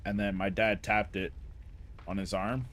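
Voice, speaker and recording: A man streaming live, telling funny childhood stories in a casual, animated way, laughing often and acting out the people he quotes. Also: lowish voice, measured pace, slight background noise. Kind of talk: casual storytelling to a live chat.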